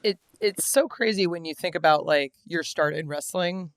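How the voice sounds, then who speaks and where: A woman co-hosting a podcast, asking questions in a relaxed, chatty way full of fillers. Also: sits low, normal speed, no room sound. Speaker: podcast co-host. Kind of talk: casual interview chat.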